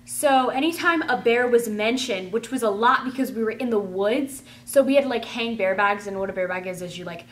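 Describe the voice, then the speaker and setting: A woman telling a rambling, chatty storytime, full of "like" and excited gushing. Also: fairly high pitch, a little fast, hardly any pauses, a little hiss or hum. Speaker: vlogger. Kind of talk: casual storytime.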